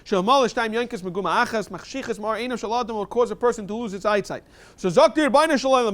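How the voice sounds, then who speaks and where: A man leading a Talmud review class, reading Aramaic lines quickly and explaining them in plain English. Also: high-pitched.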